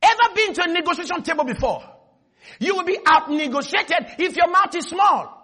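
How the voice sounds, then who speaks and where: A man preaching a sermon, telling a story with lively energy and often shouting. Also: very high voice, fairly quick.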